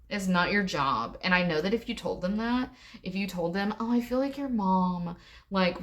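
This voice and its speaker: A woman reads tarot in a loose, chatty way, blunt and playful, swearing freely and often laughing at her own jokes. Her voice sits fairly low yet swings widely in pitch, climbing high for emphasis. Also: a bit bright. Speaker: tarot reader. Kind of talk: casual pick-a-card tarot reading.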